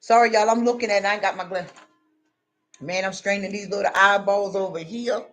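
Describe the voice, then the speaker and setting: A woman hosting a livestream, talking in a folksy, animated, preachy way and often calling listeners honey and y'all. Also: medium pitch, a little fast. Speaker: livestream host. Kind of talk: preachy casual livestream talk.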